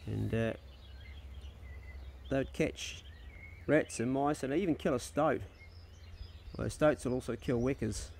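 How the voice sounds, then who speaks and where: A relaxed man with a New Zealand accent talks casually and slangily as he films wildlife by the bush on his farm. His voice sits at a middling pitch, picked up by a handheld camera outdoors. Faint birdsong and open-air ambience drift in behind him. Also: slight background noise. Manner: relaxed, laid-back, slangy narrating while filming wildlife. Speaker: farm vlogger. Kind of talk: casual outdoor vlog commentary. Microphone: handheld camera he is filming with.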